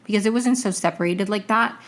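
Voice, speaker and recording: A woman's voice: medium pitch, fairly quick. A young woman hosting a podcast, recapping a TV episode in a rambling, chatty way full of tangents and self-corrections. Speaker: podcast host.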